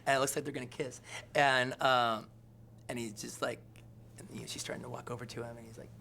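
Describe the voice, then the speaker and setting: Rambling man telling a story with bright energy. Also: mid-range voice, little pitch movement, fairly quick, creaky. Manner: rambling, filler-heavy, keeps asking "all right?". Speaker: film director. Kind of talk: interview anecdote.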